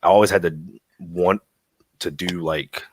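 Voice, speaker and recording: A man's voice: low voice, fairly even intonation, a little slow, no echo. A man guest talking loosely in an interview, full of fillers and casual swearing.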